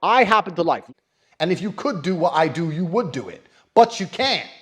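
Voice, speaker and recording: Brash, ranting man with a lively voice. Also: sits high, moderate pace, soft background music. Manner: brash, profane, loud and taunting. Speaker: public personality. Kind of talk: boastful rant.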